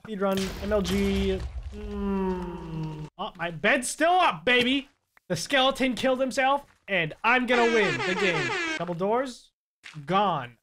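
A man's voice: sits high, slight background noise. A young man giving playful, jokey gameplay commentary, yelping and laughing as he plays. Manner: animated, jokey, yelps and laughs often. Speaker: gaming YouTuber.

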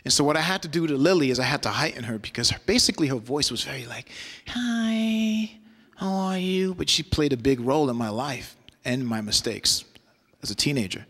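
A man's voice: mid-range voice, fast, fairly bright tone, slightly rough. New man lecturing in a big hall. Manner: conversational, loose, asks audience "right?". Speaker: guest lecturer, solo performer. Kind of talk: university lecture with storytelling. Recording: long hall reverb.

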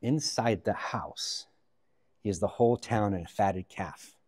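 A man from the Pacific Northwest, a guest pastor, preaching a sermon in an animated storytelling way, with joking asides. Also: lowish voice, takes it slowly, breathy edge, in a large hall.

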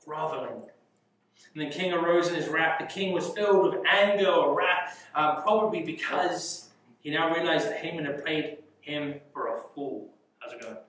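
A young man leading a youth Bible study, teaching in an animated way with rhetorical questions and frequent chuckles. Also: on the high side, moderate pace. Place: church youth room. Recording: echoey room, mic far off.

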